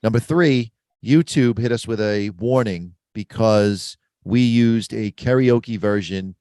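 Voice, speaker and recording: A man's voice: lowish voice, slow, darkish tone, dry recording, studio quality. A man hosting a casual podcast chat, explaining things in a confident, practical way. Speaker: podcast host. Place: mobile studio.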